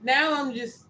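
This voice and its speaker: A woman's voice: high-pitched, creaky, a bit bright, slight background noise, rough recording. A woman hosting a casual livestream, reading viewer comments aloud and answering them bluntly, with profanity and joking asides. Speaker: livestream host.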